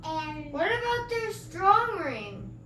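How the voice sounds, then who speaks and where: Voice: sing-song, slow pace, bright, forceful tone. A listener chiming in with questions and corrections during a bedtime story. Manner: chimes in with high-pitched questions. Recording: echoey room, faint hiss, off mic.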